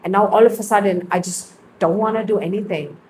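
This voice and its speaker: A young adult woman, an interview guest, telling her personal faith testimony in an earnest, reflective storytelling manner with lively bursts. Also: medium pitch, brisk, slight background noise, poor audio.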